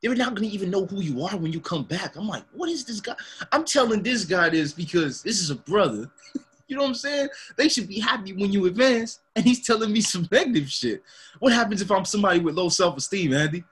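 Husky laid-back young man. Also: sits high, animated, fast, fairly bright tone. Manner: laid-back, laughs often, says man and dog a lot. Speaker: podcast co-host. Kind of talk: casual chat.

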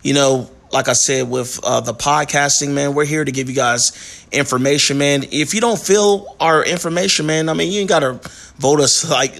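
A man's voice: on the high side, normal speed, vocal fry, a bit bright. A man co-hosting a podcast, talking in a laid-back, slangy way and tossing in "man" constantly. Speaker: podcast co-host. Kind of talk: casual podcast chat.

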